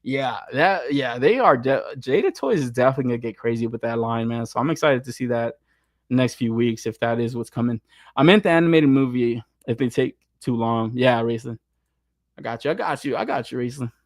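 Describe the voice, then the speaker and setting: A young adult man, co-hosting a casual, profane chat, excitable and laughing often. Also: mid-range voice, a little fast, no room sound, clean studio sound. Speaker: podcast co-host.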